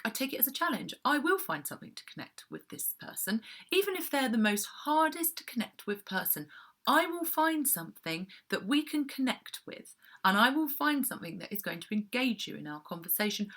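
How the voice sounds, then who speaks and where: A woman's voice: on the high side, very animated, moderate pace, pushed and bright. A woman from England giving casual advice to camera as a PR coach, chatty with self-deprecating asides. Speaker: PR coach vlogger.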